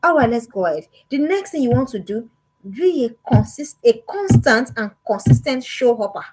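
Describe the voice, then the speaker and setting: Emphatic husky-voiced woman coaching parents. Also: a little high, very animated, normal speed, darkish tone, poor audio. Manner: emphatic, repeats words, rhetorical questions. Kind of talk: motivational talk to parents.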